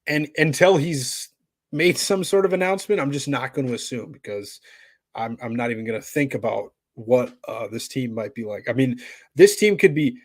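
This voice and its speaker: A man's voice: mid-range voice, lively intonation, normal speed, dry recording. A man co-hosting a podcast, chatting casually about college hockey in a laid-back, rambling way with lots of fillers. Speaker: podcast co-host. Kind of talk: casual sports chat.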